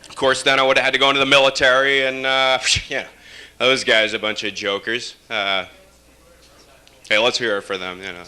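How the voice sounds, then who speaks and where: A man from upstate New York doing a rambling stand-up comedy set with wry, deadpan asides. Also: medium pitch, normal speed, clear, resonant tone.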